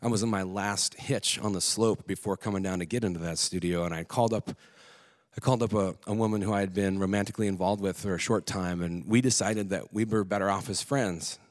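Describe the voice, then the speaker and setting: A man's voice: low voice, steady tone, brisk. A man telling his own story to an audience, candid and earnest, with casual swearing and some restarts. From Alaska. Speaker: speaker telling a personal story on stage. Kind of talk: personal storytelling talk.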